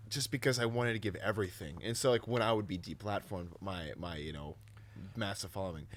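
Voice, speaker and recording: Animated young man, storytelling guest. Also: lowish voice, brisk, a little hiss or hum. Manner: animated storyteller, drops to a whisper when quoting. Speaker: podcast guest, Christian influencer. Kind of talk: casual chat.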